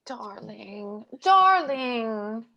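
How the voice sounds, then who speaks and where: A woman playing a gentle older sister who comforts and advises, read over a video call. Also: on the high side, animated, extremely slow, highs cut off, full character voice. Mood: soothing. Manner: soothing, coaxing. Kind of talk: cold-read stage drama.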